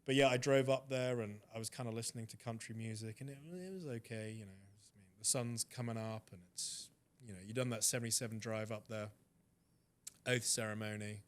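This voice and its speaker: A man's voice: fairly low pitch, a little fast. A man with an English accent, a guest telling stories in a casual chat. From Britain. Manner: animated storyteller. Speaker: interview guest.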